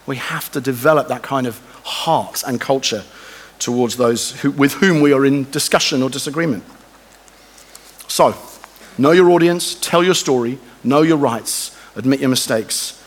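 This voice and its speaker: A man preaching a sermon in a conversational, animated way, often acting out the voices he quotes. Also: medium pitch, normal speed, breathy edge, big-room sound. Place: church.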